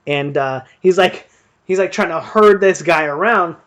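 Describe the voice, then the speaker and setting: A man's voice: a little high, unhurried, a bit bright. Rambling, profane man telling a fight story. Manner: rambling, profane, lots of fillers. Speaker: boxing stream host. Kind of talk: casual storytelling during live fight commentary.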